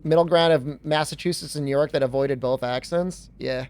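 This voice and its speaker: A man's voice: fairly high pitch, fairly even intonation, normal speed, a little mellow. A man from New England chatting casually as a game streamer, rambling with lots of filler words and frequent chuckles. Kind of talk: casual chat while gaming.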